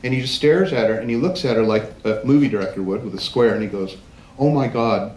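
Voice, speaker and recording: A man giving a live platform presentation, telling lively anecdotes and acting out other people's lines for an audience. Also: on the low side, fast talker. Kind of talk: storytelling talk to a live audience. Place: large event hall. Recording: roomy hall with faint noise.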